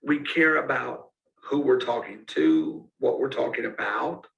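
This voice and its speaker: A man's voice: mid-range voice, very animated, a little slow, vocal fry, a bit bright, muffled recording. A man giving a casual, direct teaching talk to student ministry leaders. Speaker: youth ministry coach. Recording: roomy, speaker far from mic.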